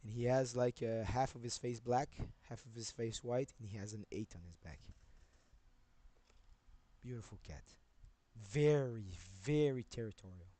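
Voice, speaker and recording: A man rambling through a personal story, repeating himself, laughing often and swearing, getting loud and high when excited. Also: normal speed. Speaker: streamer.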